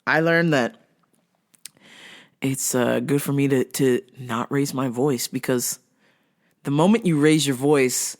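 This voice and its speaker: A woman's voice: extremely low pitch, slow pace, long pauses. A woman hosting a casual podcast, telling a story with lots of swearing and laughter. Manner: profane, animated storytelling, laughs often, drops to a whisper for calm quotes. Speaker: podcast host.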